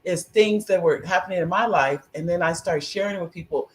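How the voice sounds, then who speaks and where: A woman hosting an interview show, who answers her guest warmly with frequent affirmations and reflects her feelings back to her. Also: fairly low pitch, a little fast. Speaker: show host. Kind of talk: interview conversation.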